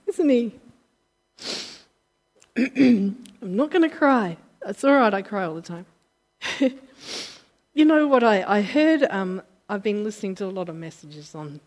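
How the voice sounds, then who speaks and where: Her voice is mid-range and a little mellow as this British or Australian woman preaches an informal, heartfelt sermon. Earnest and emotional, she frequently restarts sentences in a rambling way and voices the people she quotes.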